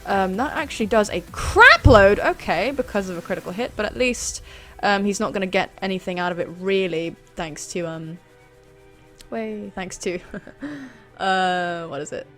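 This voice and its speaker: A woman's voice: mid-range voice, normal speed, faint music behind. A woman hosting a gaming channel, chatting through a live battle in a self-deprecating way. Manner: chatty, self-deprecating, sudden excited screams.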